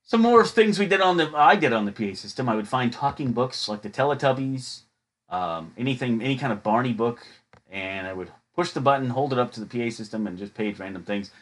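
A man's voice: medium pitch, expressive, fairly quick. A man hosting a podcast, telling funny stories in a chatty, jokey way and acting out the people he quotes. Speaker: podcast host. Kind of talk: casual storytelling.

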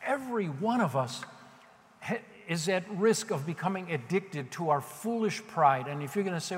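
A male pastor delivers a sermon in a relaxed, conversational way and pokes fun at himself along the way. His voice sits a little high. Long reverb from a large hall trails behind his words. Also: normal speed. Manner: conversational, self-deprecating preaching.

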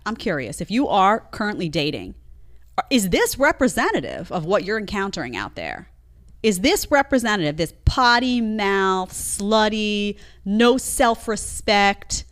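Indignant, lively woman host. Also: fairly low pitch, moderate pace. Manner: indignant, exclamatory, mocking. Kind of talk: opinionated live-stream commentary.

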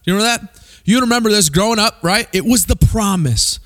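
A young man from Missouri preaching a sermon, animated and peppering the crowd with rhetorical questions. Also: high-pitched, a little fast. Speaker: pastor.

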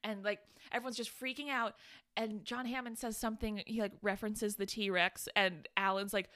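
A woman co-hosting a podcast in casual chat, gushing and excitable, often laughing as she recounts scenes. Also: medium pitch, moderate pace. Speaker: podcast co-host. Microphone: studio microphone.

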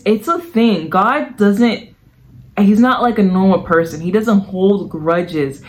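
A podcast host giving an earnest, reflective personal testimony about faith, repeating phrases for emphasis. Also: mid-range voice. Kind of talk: personal testimony, casual devotional talk.

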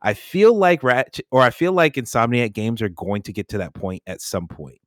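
A man's voice: medium pitch, big pitch swings, normal speed, dry recording, studio quality. A man hosting a casual gaming podcast, swearing freely as he steers the group through its rankings. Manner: loose, profane, runs the ranking discussion. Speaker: podcast host.

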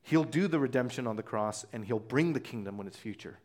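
A man's voice: mid-range voice, animated, fairly quick, darkish tone. A man preaching a conversational sermon as pastor, telling the story casually and acting out voices.

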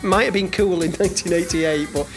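A man's voice: high-pitched, a little fast, over music. A man co-hosting a podcast in casual chat, rambling with lots of restarts and fillers. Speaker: podcast co-host.

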